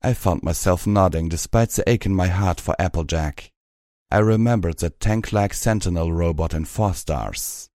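A man with a low, deep voice reading a story aloud at a steady, measured pace. The recording is dry and close to the mic, with no room sound. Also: no echo. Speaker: narrator. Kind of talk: audiobook story narration.

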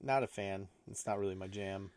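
A man's voice: low-pitched, darkish tone. Young man in joking casual chat. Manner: loose, joking, laughs often, halting restarts. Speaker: podcast co-host.

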